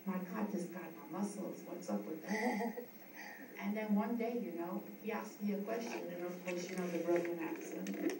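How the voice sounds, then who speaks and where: A woman's voice: mid-range voice, moderate pace. Rambling middle-aged woman, distant and echoey. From US East Coast. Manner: rambling, with frequent restarts. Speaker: yoga school founder giving a tribute. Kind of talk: heartfelt speech to an audience. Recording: echoey room, distant mic, noisy.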